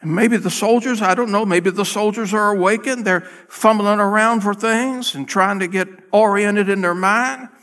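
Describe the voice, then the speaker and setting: High, bright-voiced male pastor preaching. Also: normal speed, hardly any pauses, long reverb tail. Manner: dramatic storytelling, acting out scenes. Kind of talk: sermon. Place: church sanctuary.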